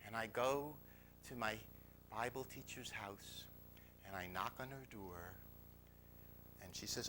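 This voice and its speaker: A man telling a personal story to a live audience, confessional and animated, dropping to near whispers and rising loudly, often laughing. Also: on the low side, a little slow, pauses often, slight background noise, poor audio. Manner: confessional, swings from hushed to loud, laughs often.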